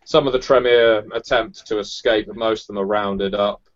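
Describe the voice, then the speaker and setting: Low slow guy running a tabletop game, lots of uhs, dull lo-fi sound. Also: fairly even intonation. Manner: measured, hesitant with fillers. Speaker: game master.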